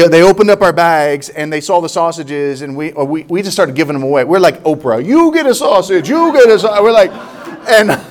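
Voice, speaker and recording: Animated pastor telling a story. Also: male voice, on the high side. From United States. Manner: animated, laughs at his own story, acts out dialogue. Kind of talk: sermon storytelling.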